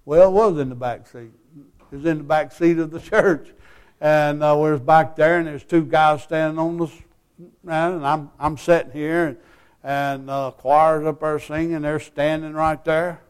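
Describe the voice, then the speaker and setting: An older man preaching a sermon, telling folksy stories and breaking into loud whoops. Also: fairly high pitch, clear, resonant tone.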